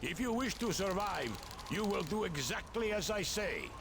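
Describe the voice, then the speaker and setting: A stern Soviet drill instructor. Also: male voice, sits high, very animated, normal speed, creaky, exaggerated voice. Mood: commanding. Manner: barking orders. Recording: noisy game audio.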